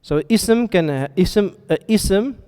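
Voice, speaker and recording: A man's voice: sits high, expressive, takes it slowly, mellow, smooth. A man teaching a classroom lesson, often stopping to ask his students questions and check they are following. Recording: reverberant hall sound.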